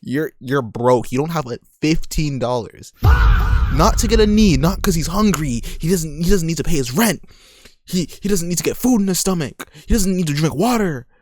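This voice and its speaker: A man's voice: on the high side, animated, moderate pace, darkish tone. A young man in his twenties giving casual, profane, slang-heavy reaction commentary, often laughing. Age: 20s. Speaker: reaction video host.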